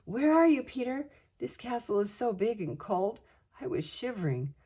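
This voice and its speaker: A woman's voice: on the high side, very animated, normal speed, breathy edge, pitched above the performer's own voice. An older woman voicing an eager little girl heroine in a storybook. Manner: eager, bright and bubbly.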